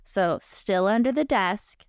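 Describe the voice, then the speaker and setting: A woman's voice: mid-range voice, lively intonation, slow, clear, resonant tone, no room sound, clean studio sound. A woman podcast host, amused and laughing often, recapping a book and reading excerpts aloud.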